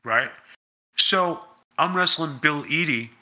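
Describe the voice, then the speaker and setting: A former pro wrestler, interviewed as a guest, tells stories casually in a blunt, emphatic way, swearing freely. His voice is fairly high, slow, pushed, and bright.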